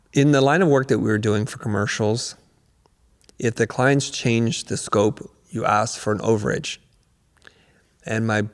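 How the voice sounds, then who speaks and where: A man's voice: on the low side, creaky, big-room sound. A middle-aged man, a guest coach on a podcast, telling stories animatedly and acting out quotes. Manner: animated storyteller, acts out quotes. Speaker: guest, creative business coach. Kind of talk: podcast interview storytelling.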